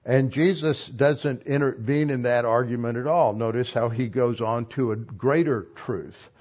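A man preaching a verse-by-verse sermon at a mid-range pitch. He reads a few lines of scripture and then stops to explain what they mean, in an even, teacherly way. The recording sounds dull and lo-fi. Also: unhurried. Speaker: Bible teacher. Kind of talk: expository sermon.

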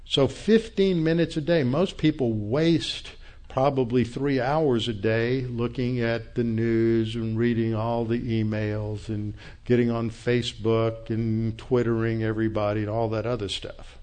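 Male Bible teacher, mid-pitched, slow and deliberate, unpacks word meanings patiently for a congregation. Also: steady tone, dark tone. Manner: unhurried, explains Hebrew words step by step.

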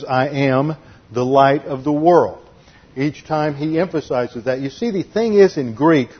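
A male preacher working through a Bible passage point by point, steady and methodical. His voice is husky and mid-pitched. The recording is dull and lo-fi. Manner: methodical, lists numbered points and spells out words. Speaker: Bible teacher. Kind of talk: expository sermon.

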